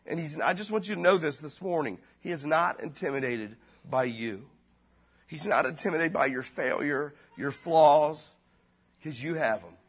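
A pastor preaching a sermon in a casual, slangy way, his voice dropping low and then rising loud. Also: expressive, moderate pace, slightly rough.

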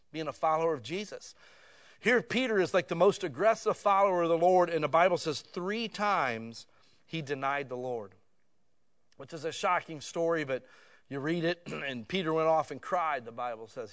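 A man preaching a sermon in a conversational, casual way that swells to loud emotional peaks. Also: fairly high pitch.

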